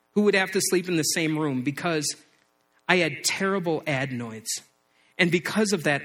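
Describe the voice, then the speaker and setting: Middle-aged male pastor with a somewhat high voice, preaching in an easy storytelling manner. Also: fairly bright tone. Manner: storytelling, repeats words as he speaks. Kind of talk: sermon.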